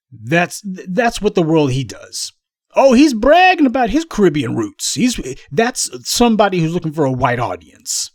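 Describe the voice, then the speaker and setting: A man's voice: a little high, no room sound, studio quality. A man giving a scornful, sarcastic commentary rant. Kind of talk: ranting commentary.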